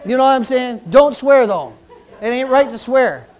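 A man's voice: very high-pitched, expressive, moderate pace, a little mellow. A man preaching a fervent sermon in church, repeating himself and punctuating lines with hallelujah and praise the Lord. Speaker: pastor.

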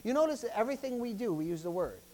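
A pastor preaches a lively sermon, emphatic and repetitive, often calling out interjections between points and swinging between loud bursts and low asides. He talks rapid-fire, and the recording is low quality.

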